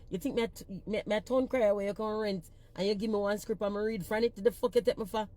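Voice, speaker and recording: A woman's voice: a little high, warm tone. A woman with a thick Jamaican Patois accent, a singer-songwriter ranting bluntly and with profanity in a casual social media talk.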